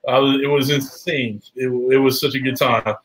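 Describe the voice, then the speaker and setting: A man's voice: mid-range voice, steady tone, normal speed, fairly bright tone, poor audio. A man hosting a live show, chatting loosely with guests and viewers, swearing and laughing often. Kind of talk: casual live-stream chat.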